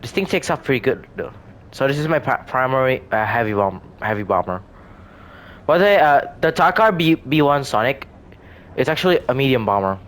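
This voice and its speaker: Casual male gaming commentator, mid-pitched, halting and self-correcting as he talks through his builds. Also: lively intonation, a bit bright. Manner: rambling, hesitant, frequent restarts and self-corrections. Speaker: gaming video creator.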